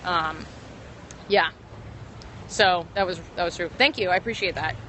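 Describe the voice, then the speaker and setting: Her voice sits on the low side, unhurried, bright and forceful. Streaming live from a city street into a phone she holds, this young woman comic chats casually and ramblingly, full of ums and self-corrections, with faint traffic around.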